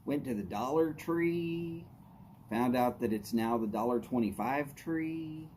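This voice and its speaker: A man talks slowly and unhurriedly, greeting his viewers one by one on a live stream. His voice sits at an ordinary middle pitch in a laid-back drawl. Faint outdoor ambience hums behind him. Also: a little mellow, a little hiss or hum. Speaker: livestream host. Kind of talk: casual live-stream chat.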